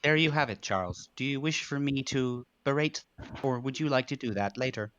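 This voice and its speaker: A man's voice: medium pitch, moderate pace, a bit bright, no echo, dull audio. A man role-playing a character at a tabletop game, speaking in a formal, stiff manner. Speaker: player.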